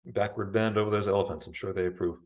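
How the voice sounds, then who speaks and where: Over a video call, a man who teaches yoga leads a live class in a fairly low voice. His instructions about breath and posture come slowly and calmly, with an encouraging, relaxed pace.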